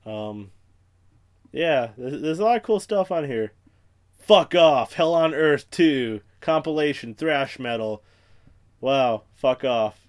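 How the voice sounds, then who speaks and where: A man's voice: mid-range voice, animated, slow pace. A young man hosting a podcast alone, rambling through profane, self-mocking tangents in casual chat. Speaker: podcast host.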